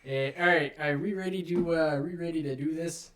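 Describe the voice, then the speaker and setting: A man playing a tabletop game, chatting eagerly about his character's moves and sometimes clearing his throat. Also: a little high, a little fast, a bit bright. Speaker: player. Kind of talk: casual tabletop gaming chat.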